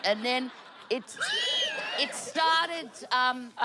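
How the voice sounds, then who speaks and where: A woman guest on a comedy panel show, telling a rambling story with laughter and shouted quotes. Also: high-pitched, extremely slow, over a noisy crowd, very noisy. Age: older. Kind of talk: comic storytelling. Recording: studio audience laughter behind.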